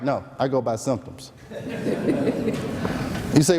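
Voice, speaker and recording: A man's voice: mid-range voice, unhurried, long pauses, big-room sound, background noise. A man from the American South, a physician, giving a medical seminar lecture with jokes, asking the audience questions and answering them himself. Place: seminar room.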